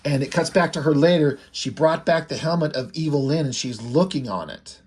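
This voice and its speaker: A man's voice: a little high, a little fast, a little mellow, breathy edge. A man casually recapping the story of his own fan comic in a rambling, loose way.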